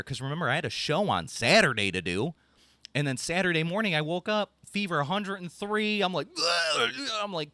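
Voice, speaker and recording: A man's voice: on the high side, expressive, a little fast, sharp tone, no echo. A man, telling a rambling story on a casual podcast, ranting and swearing freely. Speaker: podcast co-host.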